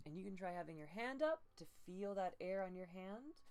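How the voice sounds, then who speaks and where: A woman voice coach with low energy, gently leading breathing and pitch exercises step by step. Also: animated. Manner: slow, gentle step-by-step instruction with breathy demo sounds. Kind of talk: guided voice training exercises.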